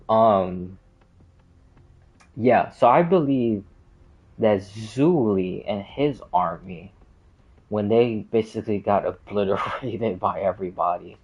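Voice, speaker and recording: A man's voice: sits low, darkish tone, breathy edge, low-quality recording. A man explaining game lore in a casual, rambling way, full of fillers and side tracks. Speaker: game streamer.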